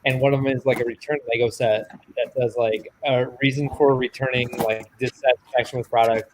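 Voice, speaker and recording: A man's voice: mid-range voice, flat delivery, fairly quick, slight background noise, poor audio. A man co-hosting a hobby live stream from a video call, chatting casually with teasing banter. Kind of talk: casual chat.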